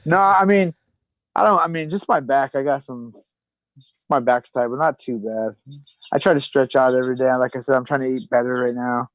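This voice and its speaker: A man in his thirties chatting as a podcast guest, spinning stories in a loose, rambling way with plenty of restarts. His voice sits at an ordinary middle pitch, and the sound is dry and close with almost no room around it. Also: normal speed, dry recording, rough recording. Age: 30s. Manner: rambling storyteller, trailing fillers and restarts. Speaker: podcast guest, retired pro fighter. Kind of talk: casual chat.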